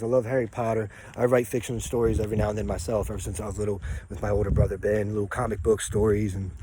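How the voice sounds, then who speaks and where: A man's voice: on the low side, breathy edge. A man, a personal trainer, talking outdoors in a rambling, preachy, upbeat monologue full of slang and catchphrases. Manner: preachy, upbeat, repeats catchphrases, drifts off topic; casual slangy delivery with laughs and fillers. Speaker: personal trainer and wellness vlogger.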